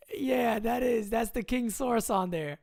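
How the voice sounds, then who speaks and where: A man's voice: very high voice, gravelly, darkish tone, no room sound, studio quality. A young man hosting a casual sports livestream, rambling and joking as he reads out viewer comments. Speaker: livestream host.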